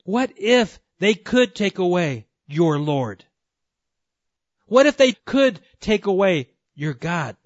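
A man's voice: high voice, sing-song, slow, no echo, dull audio. A man preaching a sermon in an earnest way, speaking straight to his listeners as friends and folks.

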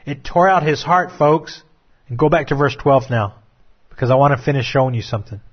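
A man preaching a dramatic sermon, swinging between hushed, slow passages and raised, urgent ones. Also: mid-range voice, breathy edge. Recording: dull lo-fi recording.

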